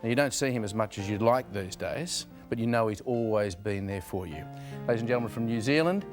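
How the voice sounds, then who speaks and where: An Australian man hosting a televised tribute show, presenting to a studio audience in a formal, measured way. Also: fairly low pitch, lively intonation, music in the background. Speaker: host.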